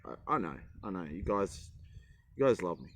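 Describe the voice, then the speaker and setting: A man's voice: low-pitched, lively intonation, normal speed, slight background noise. A man chatting casually in a vlog, rambling and poking fun at himself while he cooks outdoors. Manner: rambling, self-mocking, jokey. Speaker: travel vlogger. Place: outdoors in a forest.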